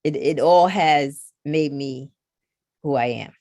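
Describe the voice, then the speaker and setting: A middle-aged woman guesting on a knitting podcast chats casually, telling stories animatedly and acting out what others said to her. Her voice sits low and her pace is slow, in a dry, clean studio recording.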